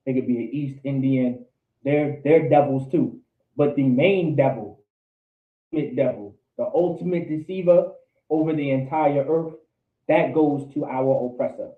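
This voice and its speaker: A man leads a Bible study, firing questions at his students and hammering points home through repetition. His voice comes through thin and tinny, like over a phone line, and echoes around a room. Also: mid-range voice. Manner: quizzes students, repeats for emphasis. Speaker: Bible class teacher. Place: indoor meeting room with a class.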